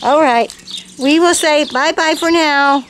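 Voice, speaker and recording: A woman's voice: high voice, a little slow. A middle-aged woman breeding puppies, chatting casually on a home video and cooing in baby talk to the litter. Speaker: puppy breeder. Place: indoors inside a puppy exercise pen. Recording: loud background noise with barking dogs.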